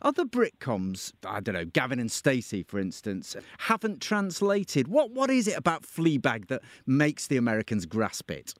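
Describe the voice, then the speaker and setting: Man hosting, with a very lively voice. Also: mid-range voice, normal speed, few pauses, no room sound. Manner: conversational, hesitant restarts. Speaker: host. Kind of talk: interview.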